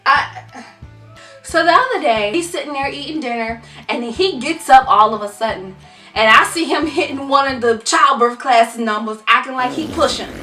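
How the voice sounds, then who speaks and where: A mother venting to her viewers, telling a comic story with animated, dramatic delivery. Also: high voice, moderate pace, echoey room, recorded from a distance, soft background music. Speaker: mom vlogger.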